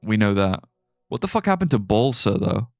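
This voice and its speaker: A man's voice: lowish voice, very animated, moderate pace, no room sound, studio quality, faint music behind. A young man streaming a game live, chatting loosely, swearing casually and laughing at his own ideas. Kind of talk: live gameplay commentary.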